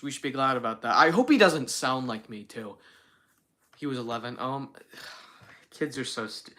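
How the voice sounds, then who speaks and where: Young male streamer, bright forward tone, loose rambling chat with lots of ums. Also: medium pitch. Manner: rambling, filler-heavy, self-mocking. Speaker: livestream host. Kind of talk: casual livestream chat.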